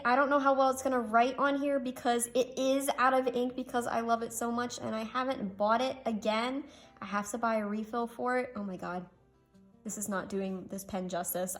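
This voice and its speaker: A young woman chatting casually through a pen review, gushing and making self-deprecating asides. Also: on the high side. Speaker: stationery reviewer.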